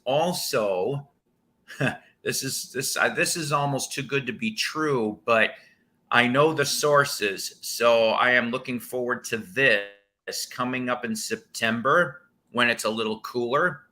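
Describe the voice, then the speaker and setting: A man's voice: mid-range voice, slow, sharp tone. A man from the northern United States hosting a live stream, telling rambling anecdotes with frequent chuckles. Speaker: host of a record-collecting live stream. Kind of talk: casual storytelling chat.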